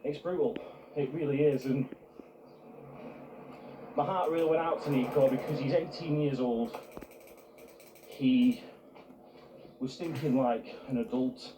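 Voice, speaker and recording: A man's voice: medium pitch, a little slow, pauses often, reverberant, background noise. A man from the UK, earnestly telling a travel story to camera and reflecting on it. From United Kingdom. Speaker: travel vlogger. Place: outdoors in a park.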